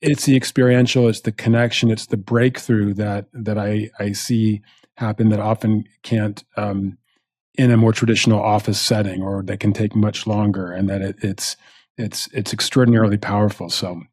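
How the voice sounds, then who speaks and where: Low-voiced male podcast host. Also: flat delivery, moderate pace, a little mellow, no room sound, studio quality. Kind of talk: interview conversation.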